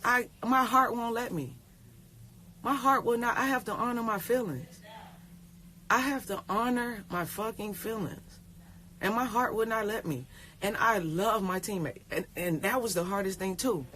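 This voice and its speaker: A woman's voice: mid-range voice, moderate pace, fairly bright tone, slight background noise. A woman, talking in a rambling, tearful way on a phone livestream, repeating herself and swearing. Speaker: pro basketball player. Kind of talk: casual livestream talk.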